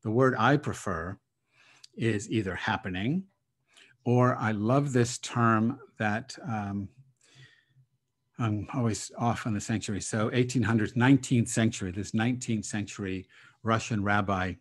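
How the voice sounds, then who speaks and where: A rabbi speaking as a guest on a video call, reflective and hesitant, laughing often between thoughts. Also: male voice, fairly low pitch, unhurried. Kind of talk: casual spiritual talk over video call.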